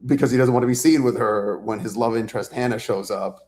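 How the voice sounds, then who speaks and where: A man's voice: medium pitch, fast talker. A man, an author guest in a casual interview, telling stories loosely with many fillers, acting out quotes and swearing freely. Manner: animated storyteller, acts out quotes, swears freely.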